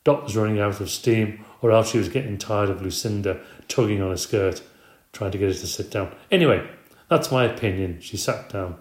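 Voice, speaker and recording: A man narrating a children's story in an expressive, conversational audiobook reading. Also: on the low side, a little fast. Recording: roomy echo.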